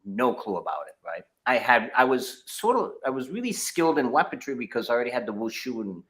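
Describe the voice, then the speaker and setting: A man's voice: mid-range voice, very animated, brisk, fairly bright tone. A middle-aged man, a martial arts instructor, telling his story in a casual interview over a video call, with many fillers and restarts.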